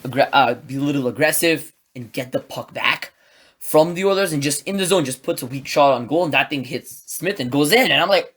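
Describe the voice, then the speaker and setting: A man hosting a solo sports podcast, recapping a game in an excitable, rambling way and acting out his own reactions. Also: a little high, brisk, slightly rough. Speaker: podcast host.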